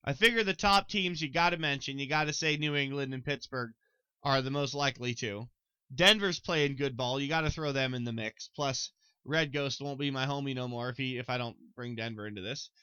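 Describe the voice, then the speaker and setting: A young man hosting a casual solo sports podcast, excitable, talking straight to his listeners and swearing freely. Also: mid-range voice, a little fast, clean tone, dry recording, rough recording. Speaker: podcast host.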